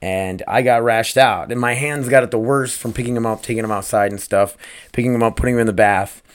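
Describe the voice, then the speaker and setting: A man's voice: mid-range voice, a little fast, smooth. Rambling, profane male podcast host. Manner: rambling and profane, full of "man" and "dude"; earnest and upbeat. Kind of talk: casual solo podcast talk.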